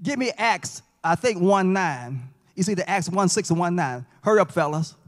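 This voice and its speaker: Man, high voice, folksy Bible class teacher, long church reverb. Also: expressive, normal speed. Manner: folksy, jokes and quizzes the class. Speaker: Sabbath school teacher. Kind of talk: interactive Bible lesson. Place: church sanctuary.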